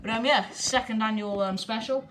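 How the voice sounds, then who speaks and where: A woman's voice: fairly high pitch, moderate pace. Chatty young woman filming indoors. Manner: chatty, rambling, cheeky, many fillers. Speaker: channel host. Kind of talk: casual live commentary. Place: indoor living room by a window. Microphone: handheld camera. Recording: noisy home camera audio with clicks.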